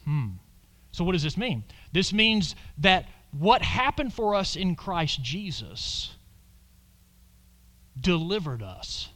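A man preaching a sermon, swinging from loud exclamations to hushed whispers and calling on the congregation to repeat lines after him. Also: a little high, expressive, normal speed. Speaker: pastor.

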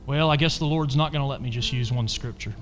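A male pastor preaching a sermon, emphatic, swinging between loud exhortation and quiet asides. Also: mid-range voice, fast, soft background music. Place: church sanctuary. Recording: long reverb of a large church hall.

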